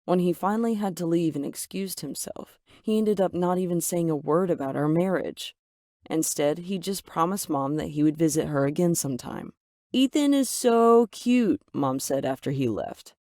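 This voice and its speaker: Brief: woman narrator for an animated story, emotive delivery, dry booth sound. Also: low voice, normal speed, no room sound. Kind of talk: scripted first-person story narration.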